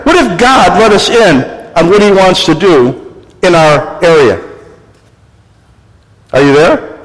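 A man preaching a sermon as pastor, animated, acting out voices and crying out for emphasis. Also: sits high, moderate pace. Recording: long hall reverb.

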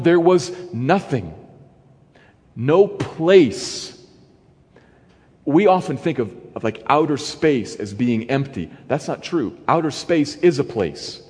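A man teaching a Bible passage in an earnest, emphatic way, pausing between short phrases. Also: mid-range voice, a little mellow, big-room sound.

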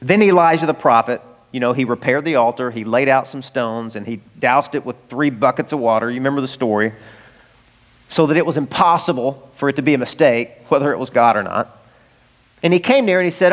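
A man preaching in a church hall, his voice trailing off into a long reverb. He retells scripture with animated, humorous storytelling and acts out the people in the story. His pitch sits mid-range for a man. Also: a little fast. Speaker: pastor. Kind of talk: sermon.

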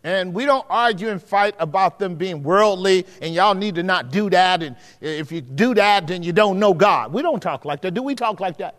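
A man preaching a sermon, asking the congregation questions and swinging between quiet, low stretches and emphatic rises. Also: lively intonation, moderate pace, hardly any pauses. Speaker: pastor. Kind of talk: sermon teaching. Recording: hall with long reverb.

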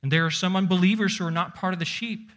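A man preaching a sermon, emphatic, slowing down and dropping to a near whisper to stress points. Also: sits high, a bit bright.

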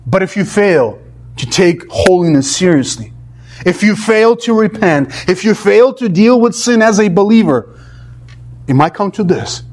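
Male pastor with a high voice, delivering an earnest, emphatic sermon. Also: animated, unhurried, a little mellow. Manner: earnest, emphatic preaching with rising and falling pitch.

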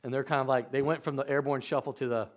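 A male pastor preaching, telling personal stories, dropping to quiet asides and rising to shouted emphasis. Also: medium pitch, level tone, fast. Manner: storytelling, swings from hushed asides to shouted emphasis. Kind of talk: sermon.

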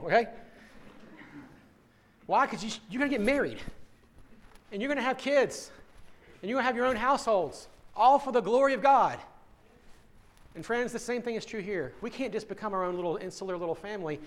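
Male pastor, high-pitched voice, earnest sermon delivery addressed straight to the congregation. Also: a bit bright. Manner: earnest, direct address to listeners, repeats words when starting phrases.

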